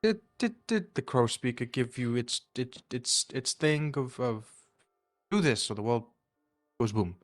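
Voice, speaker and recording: A man's voice: medium pitch, expressive, measured pace, faint music behind, lightly acted. A man voicing a jittery male scholar who has been holed up in tunnels, stammering and flustered.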